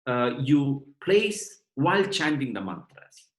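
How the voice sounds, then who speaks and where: A man giving a devotional lecture on scripture to his students, explaining point by point in a measured way. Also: mid-range voice, sing-song. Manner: measured, explanatory, addresses listeners as brothers and sisters. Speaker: spiritual lecturer. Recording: roomy echo.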